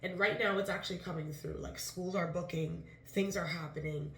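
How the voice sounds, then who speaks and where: A woman telling a story for her vlog in a casual, animated way, acting out the people she quotes. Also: lowish voice, normal speed, slight background noise. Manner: animated, quotes others in dialogue, excited disbelief. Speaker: vlogger, writer-director of a musical. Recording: echoey room.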